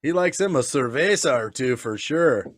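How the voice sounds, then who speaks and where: On a casual drinking podcast, a Nebraska man co-hosts with crude jokes and plenty of laughter, doing silly voices when quoting people. He speaks in a mid-range voice at a moderate pace, sounding animated.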